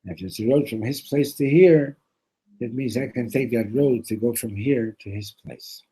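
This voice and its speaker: In poor audio, a man with a medium-pitched, dark, slightly rough voice teaches at a moderate pace. He is a Torah teacher using a parable for his religious lesson, talking conversationally, restarting lines, and using Hebrew terms.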